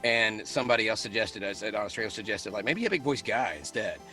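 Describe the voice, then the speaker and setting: Faint music runs behind this male guest, a voice actor chatting casually in an interview. He's an animated storyteller who laughs frequently, and his bright, forceful voice is slightly low-pitched and quick.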